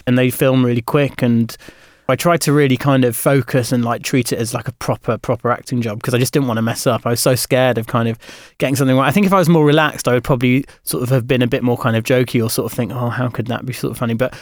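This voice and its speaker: A man's voice: mid-range voice, steady tone, quick pace, few pauses, dry recording, clean studio sound. A man, a comedian and actor, chatting as a radio guest, rambling and hesitant with many fillers. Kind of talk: casual interview chat.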